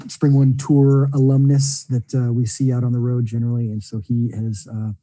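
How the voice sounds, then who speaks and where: Male webinar host, casual rambling talker, dark husky tone. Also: mid-range voice, dry recording. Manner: rambling, jokey, lots of fillers. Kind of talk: casual chat.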